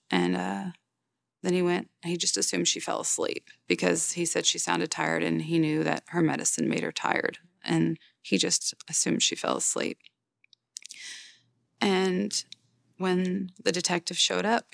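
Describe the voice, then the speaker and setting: A woman in her forties speaks in a deep, heavily gravelly voice, telling her story plainly and haltingly with lots of fillers and restarts. The sound is dry and close, with no room around it. It is an interview for a documentary. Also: no room sound. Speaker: grieving mother interviewed for a documentary. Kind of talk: personal testimony in an interview.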